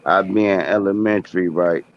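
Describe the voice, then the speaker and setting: A man's voice: low-pitched, fairly even intonation, moderate pace, a little hiss or hum. A man talking casually in a group chat, rambling in slang with many fillers and restarts. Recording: dull lo-fi stream audio.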